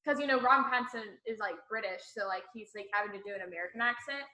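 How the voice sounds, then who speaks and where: A woman's voice: mid-range voice, very fast, bright, forceful tone, reverberant, poor audio. A woman guest on a podcast, chatting casually and saying like a lot. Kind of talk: casual chat.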